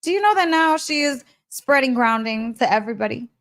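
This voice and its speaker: A woman hosting a podcast, telling a story in an excitable, emphatic way, repeating phrases and laughing often. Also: high-pitched, brisk. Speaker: podcast host. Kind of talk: animated storytelling monologue.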